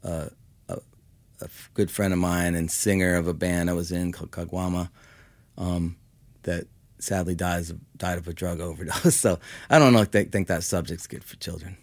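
A man's voice: deep voice, fairly even intonation, moderate pace, darkish tone, no room sound. A man in his fifties from Los Angeles, a musician talking casually in an interview, rambling with lots of "like" and "you know.". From Los Angeles, California. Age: 50s. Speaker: musician guest.

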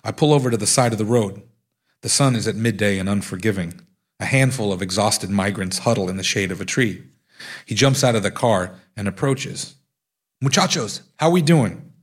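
A man's voice: on the low side, a little fast. A man, the author, reading aloud from his own memoir in a wry storytelling manner.

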